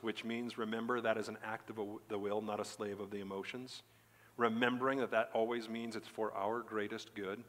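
A male pastor giving a Sunday sermon, preaching emphatically and breaking into animated, excited stretches. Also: fairly low pitch. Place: church sanctuary. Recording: church hall reverb.

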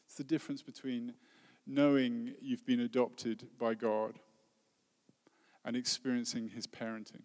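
A man's voice: mid-range voice, little pitch movement, unhurried. Earnest man preaching in a hall. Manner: earnest, heartfelt preaching with soft dropping phrases. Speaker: worship leader. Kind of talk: sermon. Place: church hall. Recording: long reverb of a hall.

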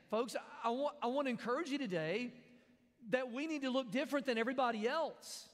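A man's voice: very high voice, big-room sound. A man preaching a sermon, conversational, with jokes and repeated phrases. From American South. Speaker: pastor.

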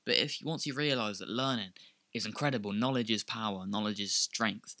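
A man's voice: lowish voice, brisk, sharp tone, no echo. A young man co-hosting a podcast, telling stories in a rambling, loose, casual way. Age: young adult. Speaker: podcast co-host. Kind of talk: casual chat.

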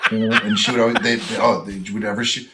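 A man's voice: fairly low pitch, level tone, a little fast, shouting, very noisy. A man from central Wisconsin in his thirties, chatting casually and wryly, often mimicking people he quotes. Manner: wry, mocking, quotes people in put-on voices. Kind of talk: casual chat.

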